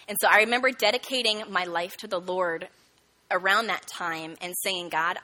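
A woman preaching a sermon in a bright, ringing voice. She tells a personal testimony with animated storytelling and slips into the voices of the people she quotes. Her pitch sits in the middle range for a woman.

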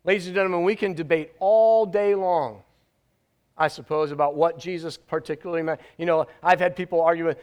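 A man pastor preaching a sermon in a conversational, emphatic way, with dramatic pauses. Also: fairly high pitch, fairly even intonation, darkish tone, smooth.

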